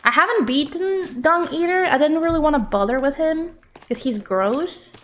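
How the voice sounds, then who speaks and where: A woman's voice: sits high, animated, moderate pace, a bit bright. A woman game streamer chatting casually as she plays, reading out and answering viewer messages. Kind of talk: casual live-stream chat while playing.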